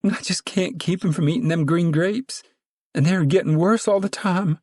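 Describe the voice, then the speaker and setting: Man voices timid poor mother; whining, pleading, pushed high, dry close read. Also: normal speed, darkish tone, no echo. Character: meek, flustered poor mother, a woman.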